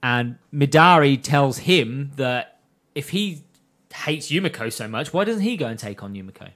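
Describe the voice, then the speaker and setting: A man's voice: mid-range voice, animated, normal speed, a bit bright. A man co-hosting a podcast, chattily retelling scenes from a show in a casual recap. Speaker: podcast co-host.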